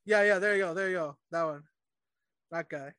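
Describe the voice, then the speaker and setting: A man co-hosting a podcast, chiming in quietly and casually beside the main host. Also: high voice, moderate pace, clean tone.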